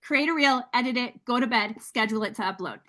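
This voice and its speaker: Upbeat high-voiced woman coaching her team. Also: quick pace. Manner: energetic, candid, addresses listeners as guys. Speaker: sales team leader. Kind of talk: motivational team training talk.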